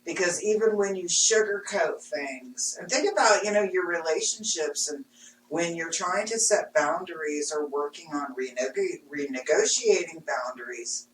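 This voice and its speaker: A woman in her fifties chats bluntly and with lots of laughter about her work as a healer. Her voice sits a little low. She is recorded in a roomy space from some distance, with a faint hum underneath. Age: 50s. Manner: frank, animated, laughs often. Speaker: intuitive reader and healer. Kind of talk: casual chat. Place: studio room.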